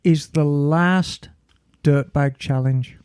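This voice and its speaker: A man's voice: fairly high pitch, fairly even intonation, slow, darkish tone, clear, resonant tone, no room sound, clean studio sound. A man hosting a casual podcast, playful and theatrical, teasing his co-hosts with pet names. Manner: playful and theatrical, calls people darling. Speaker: podcast host.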